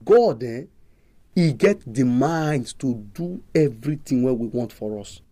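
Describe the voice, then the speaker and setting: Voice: medium pitch, expressive, measured pace, warm tone. A preacher with a Nigerian accent giving a sermon in an emphatic, repetitive, exhorting way.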